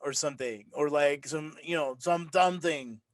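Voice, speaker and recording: A podcast host with a high voice trades wry, teasing remarks with his guest in a casual chat. He laughs easily. The sound is dry and close. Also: normal speed, no echo.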